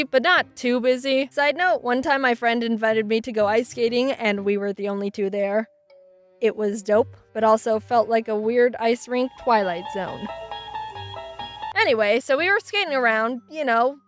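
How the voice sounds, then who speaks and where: A young woman narrating childhood stories for an animation, with dry, sarcastic asides. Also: on the high side.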